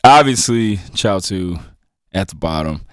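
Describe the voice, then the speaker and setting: A man's voice: low voice, animated, a little slow, dry recording, studio quality. A man co-hosting a casual podcast, talking in loose slang and laughing often. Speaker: podcast co-host.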